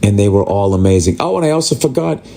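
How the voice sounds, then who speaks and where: A man's voice: lowish voice, animated, fast, vocal fry, dark tone, slight background noise. Man ranting profanely as a comedian. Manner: profane, exasperated storytelling. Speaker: stand-up comedian. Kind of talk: stand-up comedy rant.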